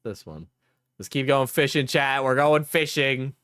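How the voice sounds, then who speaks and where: A man hosts a casual livestream, reacting and joking with his chat. He speaks at a slow, easy pace and laughs often. The recording is dry and close, with no room echo. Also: mid-range voice, fairly bright tone, smooth. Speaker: streamer.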